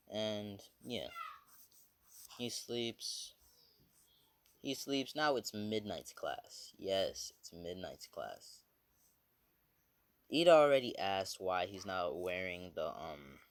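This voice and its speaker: Low-voiced man rambling through a story. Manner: rambling, many fillers and swearing. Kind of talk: casual retelling of a fan story.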